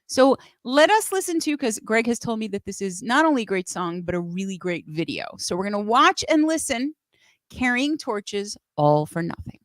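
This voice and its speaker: A woman's voice: medium pitch, sing-song, normal speed, dry recording. A woman hosting a live music show, bubbly and playful, laughing often. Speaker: host.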